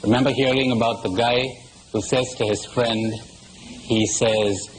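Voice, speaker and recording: A priest lectures an audience on spiritual matters in a steady, unhurried, mid-range voice, probing with questions and laughing along at his own jokes. The recording is an old conference tape made in an echoey hall, with a faint hiss.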